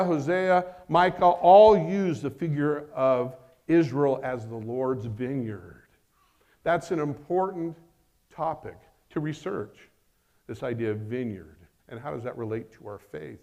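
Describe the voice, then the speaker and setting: A man with a high, light voice delivers a sermon. He swings between loud emphatic bursts and quieter asides, tossing out rhetorical questions and slowing right down on the phrases he wants to land. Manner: emphatic, rising and falling dynamically with rhetorical questions; slows down to stress key phrases. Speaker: preacher.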